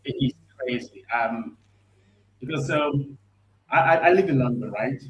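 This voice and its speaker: A hoarse man joins a fan show over a remote call, his voice roomy and echoing with a faint hiss behind it. He sounds elated, repeats himself and stumbles through many ums. His pitch sits in a middle range for a man. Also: measured pace. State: hoarse from screaming. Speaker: guest fan calling in. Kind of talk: casual chat.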